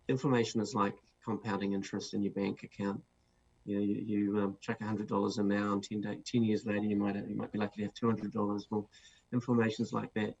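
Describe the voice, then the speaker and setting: A guest author with a New Zealand accent answers interview questions about his ideas, using many fillers and restarts. His voice is fairly low, gravelly and a little mellow, on a dull lo-fi recording with faint noise.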